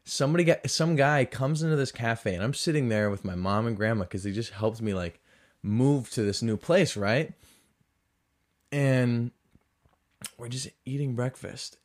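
Rambling podcast host with shifting drawl. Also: male voice, medium pitch, moderate pace. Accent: mix of Southern US and Boston. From American South and New England. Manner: rambling, self-mocking, animated. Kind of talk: casual storytelling monologue.

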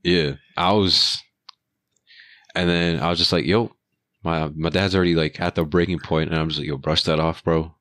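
A young man with a very deep voice rambles through a story about a job site, swearing freely and slipping into the voices of the people in it. The sound is dry and close, with no room around it. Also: moderate pace, no echo. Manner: profane, slangy, animated retelling with quoted voices. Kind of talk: casual storytelling chat.

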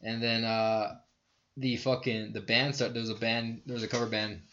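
A man's voice: medium pitch, level tone, moderate pace, a bit bright, lo-fi sound, slight background noise. A man telling a rambling, profane bar story in casual chat. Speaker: podcast co-host telling a story.

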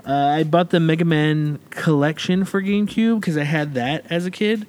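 A man's voice: fairly high pitch, normal speed, darkish tone. A man hosting a casual chat, telling a long story in a rambling way, with many fillers and restarts. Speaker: podcast host.

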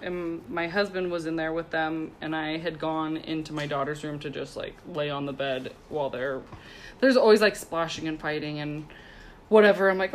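A woman's voice: deep voice, fairly even intonation, moderate pace, slight background noise. Giggly chatty woman in her thirties. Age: 30s. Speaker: podcast co-host. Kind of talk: casual chat and storytelling.

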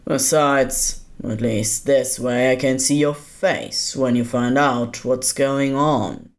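A man's voice: mid-range voice, fairly even intonation, slow pace, natural voice. A man voicing a flippant, bored ghost. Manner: flippant, teasing. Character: bored, gleeful male ghost who stabs people. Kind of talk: podfic voice acting.

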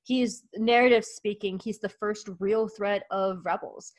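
A woman's voice: mid-range voice, steady tone, measured pace, rough recording. A woman hosting a podcast in casual chat, gushing enthusiastically and rambling with frequent restarts and fillers. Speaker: podcast host.

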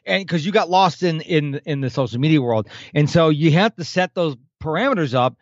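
A man's voice: on the high side, animated, fairly quick, hardly any pauses, dry recording, muffled recording. A man in his fifties, a podcast guest, talking animatedly in a casual interview and acting out the people he quotes. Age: 50s.

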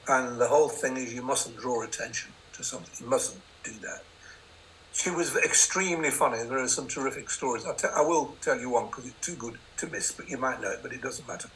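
A man's voice: medium pitch, fairly quick, fairly bright tone, slight background noise, poor audio. An older man, a novelist, telling wry, self-deprecating anecdotes in an interview. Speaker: novelist guest. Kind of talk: interview storytelling.

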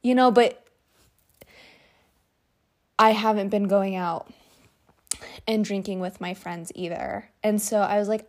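Young woman, solo podcast host, bedroom at night, slow unhurried pace, chatty, rambling, sleepy. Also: mid-range voice. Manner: chatty, rambling, many fillers; relaxed and drowsy, lying down. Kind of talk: unstructured solo podcast chat.

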